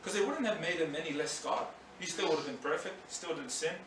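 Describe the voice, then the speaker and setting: This is a pastor's sermon, delivered fast in a voice on the high side, full of animated scene-acting and character voices. Background noise mixes with the echo of a church hall, captured by a faraway mic.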